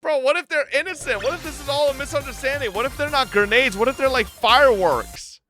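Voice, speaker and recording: Man voicing a frightened gang girl from a game, high squeaky pleading, bright tone. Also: fairly quick, soft background music. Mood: panicked. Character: panicky young female gang member.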